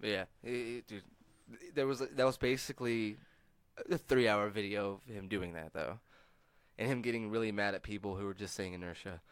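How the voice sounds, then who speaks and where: A man's voice: lowish voice, moderate pace, smooth, no room sound. A man with a Texan accent co-hosting a podcast in casual, laughing chat, swearing freely. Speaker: podcast co-host.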